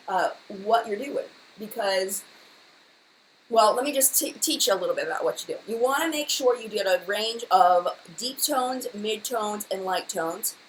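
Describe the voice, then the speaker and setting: A woman in her thirties hosts a live chat and talks quickly in a loose, rambling way, full of fillers and restarts. Her voice sits at an ordinary pitch, with faint noise in the background. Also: a bit bright, rough recording. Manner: fast, chatty, rambling with many fillers. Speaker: beauty channel host. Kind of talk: live-stream chat answering viewers.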